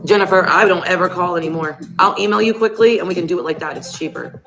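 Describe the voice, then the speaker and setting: A woman's voice: fairly low pitch, quick pace. A woman ranting defiantly on a livestream clip, swearing often. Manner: defiant, profane. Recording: stream clip with music behind. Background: music.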